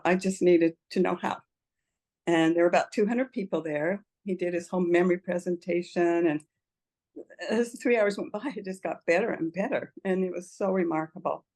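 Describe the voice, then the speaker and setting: As a guest in an interview, an older woman tells her own story at a moderate pace, her voice lowish and darkly toned. She comes across as sincere and moved, often laughing as she talks.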